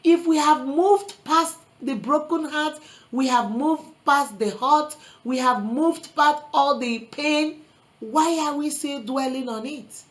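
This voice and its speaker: A woman's voice: high-pitched, takes it slowly, low-quality recording. A woman vlogger giving earnest relationship advice in a preachy motivational talk, quoting scripture and calling listeners sister and brother. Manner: quotes scripture.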